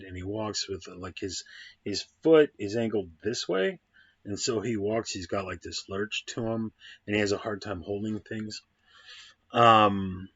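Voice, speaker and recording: A man's voice: on the low side, husky, dry recording. A man giving a casual, rambling film review, full of ums and restarts, on a dull, dry, lo-fi recording. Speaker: movie reviewer.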